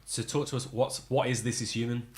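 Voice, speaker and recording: A man's voice: medium pitch, fairly even intonation, a little fast, darkish tone. A man from England hosting a podcast, bantering and joking in a casual chat. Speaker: podcast host.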